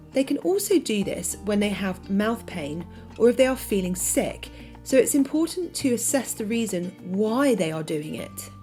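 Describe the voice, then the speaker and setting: A woman gives a scripted voice-over narration, her pitch in a middle range. She reads in a clear, even, informative way, with faint music running under her voice.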